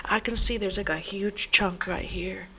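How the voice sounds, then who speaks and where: Woman as a fussy lady dentist, whispered role-play, soft, halting delivery, gently scolding. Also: medium pitch, fairly even intonation, a little hiss or hum. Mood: teasing. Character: scolding female dentist checking a patient's teeth.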